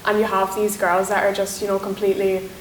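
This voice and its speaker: A woman's voice: medium pitch, monotone, fast talker. A woman interviewing a guest on stage, asking questions with hesitant fillers. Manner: brief encouraging replies, questions with fillers. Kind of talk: conducting a live interview. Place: lecture room in a university building. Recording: roomy lecture hall with faint hiss.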